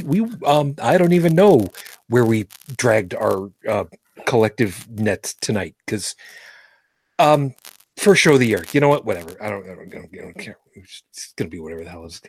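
A man's voice: medium pitch, breathy edge, no echo. A man hosting a casual livestream chat who rambles, trails off and restarts, and swears offhand. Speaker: host.

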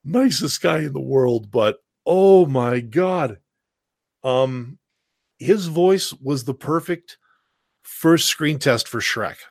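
A man's voice: mid-range voice, animated, slow, vocal fry, dry recording, clean studio sound. A man raised in the American South, telling stories on a casual livestream chat, with a lot of stammered restarts.

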